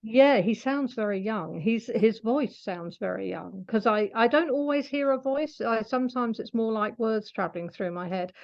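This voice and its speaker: A woman's voice: fairly high pitch, moderate pace, creaky, hardly any pauses, darkish tone. Chatty woman, lo-fi sound. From Scotland. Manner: chatty, laughs often, explains patiently. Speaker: animal communicator guest. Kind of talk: casual interview talk.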